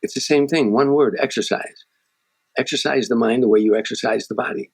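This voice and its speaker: A man's voice: mid-range voice, fairly quick, breathy edge. A man, a guest comedian on a podcast, telling stories and giving earnest motivational advice, often restarting his sentences. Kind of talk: podcast interview storytelling.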